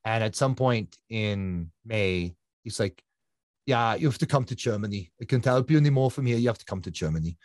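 A man's voice: fairly low pitch, animated, brisk, darkish tone, dry recording, studio quality. A man, a guest endurance athlete, telling his personal story in an earnest, reflective conversational way, often repeating phrases for emphasis.

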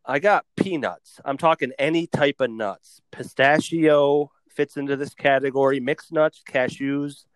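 A man co-hosts a relaxed podcast, teasing his friends and rambling through his picks. His voice is mid-pitched and sounds dry and close to the mic. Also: measured pace, few pauses, smooth, no echo. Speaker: podcast co-host. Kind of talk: casual podcast banter.

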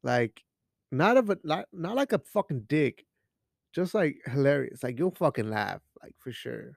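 Sipping beer throughout, a man hosts a relaxed solo podcast full of rambling jokes, heavy swearing, and Spanish phrases. His fairly high, creaky voice swings widely in pitch and moves unhurriedly, captured as clean studio sound with no echo.

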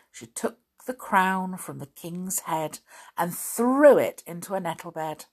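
A woman narrating a children's storybook aloud in an expressive, gently emotive way. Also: on the low side, a little slow, slightly rough.

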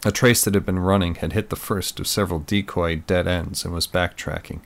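A man narrating a first-person thriller story in a steady, measured reading voice. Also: low-pitched, vocal fry. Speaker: audiobook narrator.

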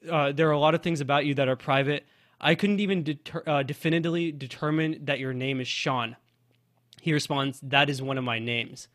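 A man's voice: medium pitch, fairly bright tone, dry recording, clean studio sound. A man who co-hosts a college radio podcast, chatting loosely about music with lots of fillers and restarts. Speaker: college radio sports director and podcast co-host.

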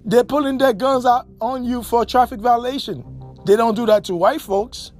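Emphatic high-voiced man on a podcast. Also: moderate pace, soft background music. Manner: emphatic, repeats key phrases for stress. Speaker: podcast host. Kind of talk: impassioned political commentary.

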